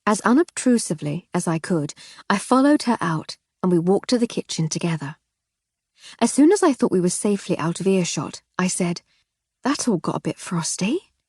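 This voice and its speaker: A woman reading a first-person mystery audiobook in a wry, measured way. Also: on the low side, sing-song, a little mellow, husky, no echo, clean studio sound. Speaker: audiobook narrator.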